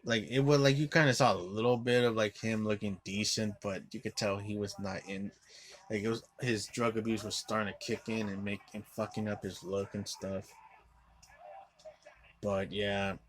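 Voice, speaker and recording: Low-voiced man ranting about a movie. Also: steady tone, moderate pace. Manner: profane, rambling, peppered with "like", flares into angry outbursts. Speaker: movie reviewer. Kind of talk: ranting film recap.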